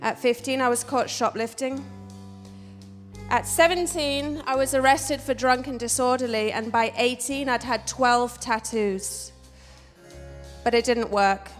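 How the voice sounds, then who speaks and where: An English woman with a high voice tells a wry personal story on stage. Her words ring out in a long, echoing hall, with faint music underneath. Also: unhurried. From England. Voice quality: wry, expressive, switches between posh and street voices.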